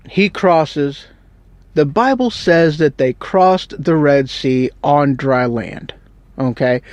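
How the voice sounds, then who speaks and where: A man's voice: mid-range voice, darkish tone, no echo. A man telling a Bible story in a casual, rambling, joking way with slang. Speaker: Bible teacher.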